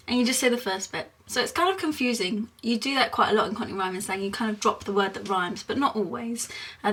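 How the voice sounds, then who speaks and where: Chatty Essex woman with a husky voice. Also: mid-range voice, fairly bright tone, far from the mic. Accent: Essex English. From England (Essex). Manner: chatty, giggly, lots of ums and self-corrections. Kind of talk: casual rambling vlog explanation.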